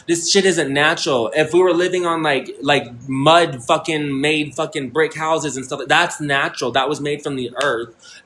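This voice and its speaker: A man's voice: on the high side, bright, forceful tone, slight background noise, poor audio. A man in his thirties livestreaming a rambling, intense monologue, swearing often and restarting his sentences. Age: 30s. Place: indoor room.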